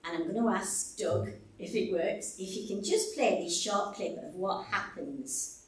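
A woman preaching a sermon in a church hall, slow and deliberate, warmly expressive. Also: mid-range voice, recorded from a distance. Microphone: stage microphone.

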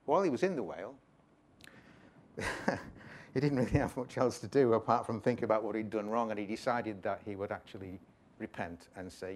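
A man's voice: lowish voice, brisk, long pauses, a little mellow, slight background noise. A man giving an informal, jokey sermon, retelling a Bible story with chatty asides. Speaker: preacher.

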